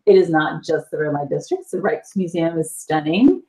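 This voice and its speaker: A woman from the South, a guest telling an animated story in a casual chat and laughing often. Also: sits low, normal speed, slight background noise. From US South, Panhandle area. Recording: echoey room.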